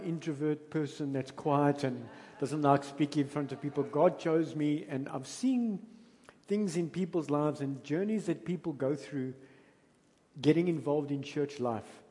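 Preaching in a church hall with a long reverberant tail, a South African pastor uses a slightly high, warm male voice. He speaks South African English and tells his sermon story conversationally, with emphatic bursts.

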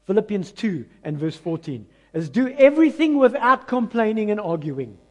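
A man with a South African accent preaching a lively, emphatic sermon to his church. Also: high voice, moderate pace, lo-fi sound. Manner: animated, rising to emphatic bursts. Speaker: pastor. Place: church hall. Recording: long church hall reverb.

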